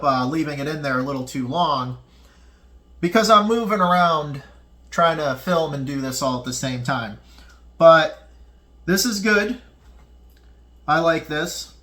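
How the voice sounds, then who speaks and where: Filmed on a tripod-mounted camera mic, a fitness cooking channel host runs a casual tutorial in his home kitchen. His voice is on the high side, pushed and bright, and he chats loosely with viewers while eating.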